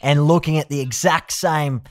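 A man hosting an interview, asking reflective questions in a gentle way. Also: a little high, steady tone, moderate pace. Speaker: host.

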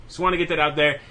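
Bright-voiced young podcast host. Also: male voice, fairly high pitch. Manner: rapid, profane, laughing reading of spec lists. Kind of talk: casual gaming news chat.

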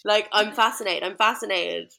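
A woman's voice: medium pitch, normal speed, vocal fry, noisy background. A young woman, co-hosting a podcast and enthusiastically retelling scenes in casual chat. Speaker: podcast co-host.

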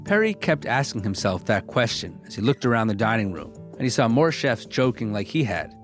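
A male host narrates in an even, mid-pitched voice, steady and clearly scripted, with faint music under him. He moves between narration and questions for his guest. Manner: measured, clear storytelling. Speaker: podcast host and interviewer.

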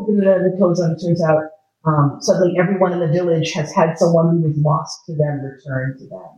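Frank, slightly high-voiced man lecturing. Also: steady tone, fairly quick, a little mellow. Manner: frank and funny, with casual swearing. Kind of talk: candid live lecture with personal stories. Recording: echoey, dull lo-fi room recording.

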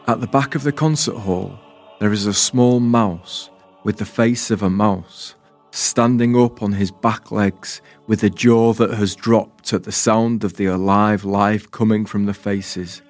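A man narrating a poetic spoken-word story in a calm, deliberate, wistful way. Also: fairly low pitch, soft background music. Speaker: writer and performer, narrator.

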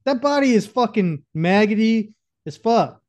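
A man's voice: high-pitched, expressive, a little slow, darkish tone. A young man co-hosting a podcast, crude and profane, often stumbling over his words. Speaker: podcast co-host. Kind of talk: casual chat.

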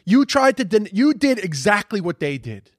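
Heated, sweary man ranting, higher pitch. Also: sing-song, normal speed, no echo, studio quality. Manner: indignant, sweary, repeats himself when heated. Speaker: commentator reacting to posts. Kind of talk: profane rant reacting to social media posts.

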